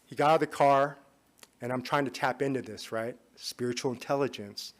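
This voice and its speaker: In a conference hall, a man tells a personal story in a relaxed, conversational way, speaking fairly quickly. His voice sits at an ordinary middle pitch and now and then drops to a quiet, confiding tone.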